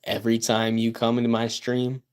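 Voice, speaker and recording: A man live streaming and chatting with his viewers, boastful and self-hyping, swinging between loud outbursts and low mutters and repeating himself. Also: monotone, normal speed, clean tone. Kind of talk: casual livestream chat with viewers.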